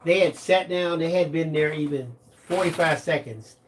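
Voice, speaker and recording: A man's voice: fairly high pitch, moderate pace, a little hiss or hum. A man helping out on a craft livestream, telling a casual story that rambles and repeats itself. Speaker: co-host helping with digital images.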